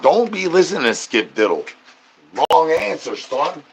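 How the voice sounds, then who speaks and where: Guy livestreaming, chanting nonsense catchphrases over and over, goes squeaky high out of nowhere. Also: big pitch swings, unhurried, vocal fry, slight background noise. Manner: nonsense rhymes and catchphrases, chanting refrains, sudden high-pitched outbursts. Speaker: live streamer. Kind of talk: rambling live-stream chat.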